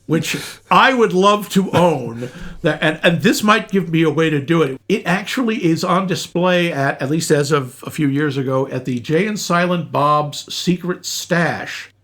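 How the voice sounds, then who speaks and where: Man reading movie trivia, fairly high voice. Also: unhurried. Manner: reads off trivia facts in a steady, informative way. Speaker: podcast co-host. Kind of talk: casual movie trivia chat.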